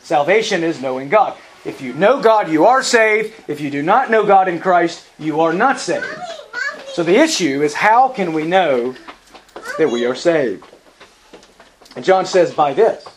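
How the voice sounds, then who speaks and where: Man, high voice, preacher, sermon, emphatic, repeats phrases, clears throat often. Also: animated, measured pace, a little hiss or hum, poor audio.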